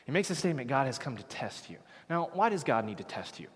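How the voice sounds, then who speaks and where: Animated male preacher in a reverberant hall. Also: fast talker, hardly any pauses, slightly rough. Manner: animated preaching, drops low then rises to emphatic peaks. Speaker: pastor. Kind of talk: sermon.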